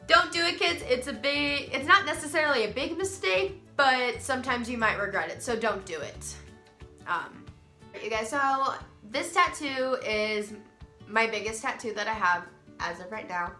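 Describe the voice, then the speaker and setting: A slightly high, lively voice at normal speed belongs to a young female vlogger with a cold-blocked nose. Bright and forceful, she rambles through personal tales with frequent ums and restarts, recorded with a roomy echo and faint music.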